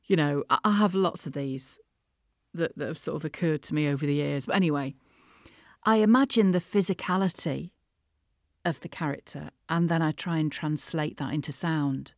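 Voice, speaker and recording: A woman talking about her craft on her own podcast, lively and quick to laugh at herself. Her voice sits low for a woman, and it is recorded close and dry. She has the easy flow of a practised voice actor. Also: no echo. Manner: animated and self-amused, laughing often. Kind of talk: reflective podcast monologue.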